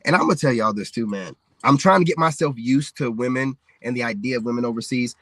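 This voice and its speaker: A man's voice: medium pitch, fast talker, fairly bright tone, no room sound, studio quality. Candid American man ranting on a livestream. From United States. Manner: candid, rambling, fillers like "man" and "you know what I'm saying". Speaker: livestreaming content creator. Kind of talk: casual livestream rant.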